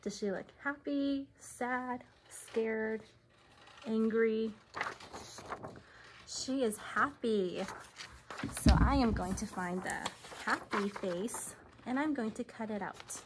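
A woman teaching preschoolers about feelings, talking slowly and patiently and asking them simple questions. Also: fairly high pitch, background noise. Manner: slow, patient, questioning tone for small children. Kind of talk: recorded classroom lesson for young children.

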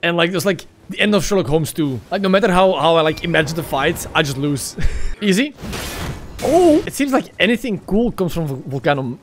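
A young man commentating his own gameplay casually, excitable and crude, with sudden yelps and laughs. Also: fairly high pitch, fairly quick, slight background noise. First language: Dutch. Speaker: streamer. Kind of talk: casual let's-play commentary.

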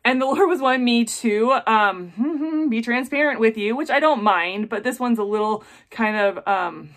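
A woman hosting her own jewelry-making tutorial, chatty and bubbly, gushing with excitement as she talks viewers through each step. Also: a little high, moderate pace. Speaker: jewelry-making video host. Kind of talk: casual craft tutorial.

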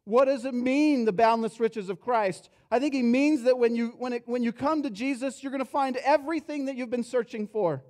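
A pastor preaching a sermon in a church, telling a story and acting out its characters, dropping soft and low for reflective points. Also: male voice, brisk, few pauses. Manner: storytelling, acts out characters' lines with rising energy. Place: church sanctuary.

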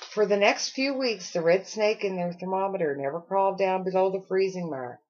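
A woman reading a children's storybook aloud with expressive storytelling. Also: fairly low pitch, breathy edge, highs cut off. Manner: expressive storytelling with acted character lines. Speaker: storybook reader.

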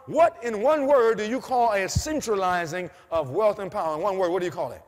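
A man preaching a sermon to a congregation, asking repeated questions for them to answer and climbing to shouted peaks. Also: high voice, animated, fast, hardly any pauses, in a large hall. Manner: call-and-response questions, rising to shouts.

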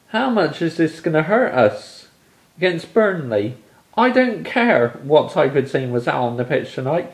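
A young man from England vents about a humiliating football defeat, seething and swearing as he talks to camera. His voice sits a little high and he speaks slowly, leaning hard on each angry word. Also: sing-song. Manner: furious, swearing, exasperated. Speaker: football fan vlogger. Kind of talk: angry fan rant to camera.

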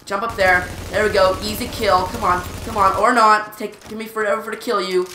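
A woman narrates her own gameplay as it happens, excitable and quick to cry out, often tripping over her words. Her voice sits at an ordinary pitch for a woman. It carries a noticeable room echo with faint background noise. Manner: excitable, repeats urgent exclamations, stammers often. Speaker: gaming channel host. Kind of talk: live gameplay commentary.

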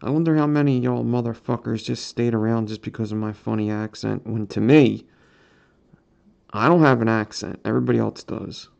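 Gravelly Philadelphia man, joking. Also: mid-range voice, fairly quick, darkish tone, lo-fi sound. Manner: joking, profane, addresses viewers directly. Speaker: invertebrate keeper streaming to viewers. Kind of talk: casual livestream chat.

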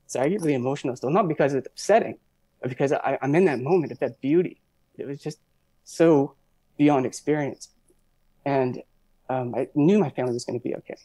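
A middle-aged man, a forensic pathologist, telling a personal story in a reflective, halting way. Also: medium pitch, creaky, dark tone, no echo, low-quality recording. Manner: reflective, halting, with many fillers and restarts. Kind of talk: personal story told in an interview.

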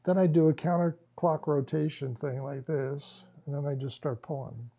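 A man presenting at a workshop, telling stories in a casual, animated way to a small group. He laughs often and acts out quoted lines. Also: on the high side, moderate pace, lo-fi sound.

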